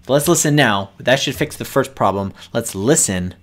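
With an expressive, fairly bright mid-range voice at a moderate pace, this man teaches children to code during a live stream. He walks through each step patiently and talks straight to his audience.

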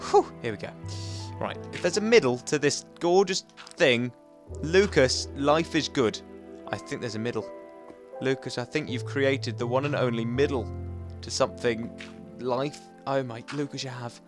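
A man hosts a video game let's play, rambling and chatting both to himself and to his viewers, swinging between loud bursts and quiet muttering. His pitch is medium and his speed normal, with faint music playing behind him.

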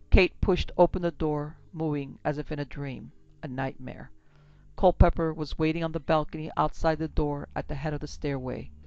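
A woman narrates a horror tale steadily and dramatically. Her voice is gravelly. The recording sounds dull and lo-fi, with faint music. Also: low voice, darkish tone.

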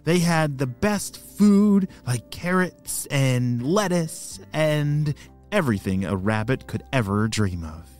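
A man's voice: mid-range voice, expressive, slow, a little mellow, faint music behind. A man hosting a children's story podcast, narrating in an enthusiastic, playful way.

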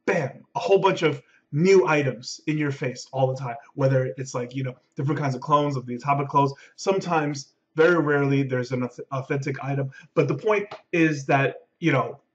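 A man's voice: mid-range voice, normal speed, few pauses, highs cut off. A man hosting a casual vlog about gear, rambling with lots of fillers and asides. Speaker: vlog host. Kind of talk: casual product talk.

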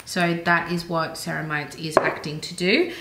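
A woman's voice: deep voice, steady tone, moderate pace, heavy background noise. An Australian woman chatting casually and enthusiastically through a beauty product haul, with rambling asides. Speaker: beauty vlogger. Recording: roomy echoey room.

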